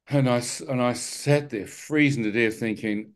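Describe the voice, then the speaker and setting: A man giving a personal testimony as a lively storyteller, self-mocking and chuckling as he goes. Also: mid-range voice, moderate pace. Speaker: testimony speaker.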